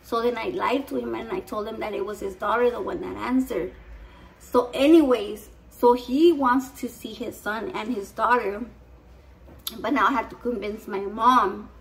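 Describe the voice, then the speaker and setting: A woman's voice: fairly high pitch, moderate pace, vocal fry, distant mic, slight background noise, low-quality recording. A young woman telling a rambling, profane story in a casual vlog, slipping into Spanish. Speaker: vlogger.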